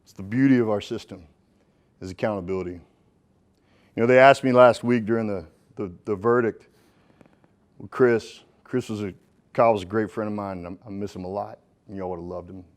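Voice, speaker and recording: A middle-aged man giving a live motivational keynote on stage, folksy and joking, swinging between punchy lines and hushed ones. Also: lowish voice, fairly even intonation, brisk, long pauses. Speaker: motivational speaker. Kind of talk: live keynote speech to an audience. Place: stage in front of a live audience.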